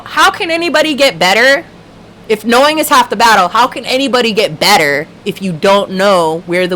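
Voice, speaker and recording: A woman's voice: mid-range voice, a bit bright, a little hiss or hum, low-quality recording. A young woman hosting a casual livestream chat, talking passionately with lots of swearing and frequent laughs. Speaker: livestream host.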